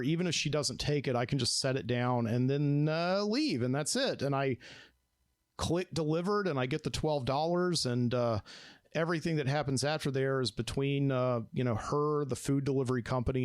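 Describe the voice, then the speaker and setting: A man's voice: mid-range voice, dry recording. A middle-aged man, hosting a late-night solo show and telling a rambling, wry story in a studio. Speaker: podcast host.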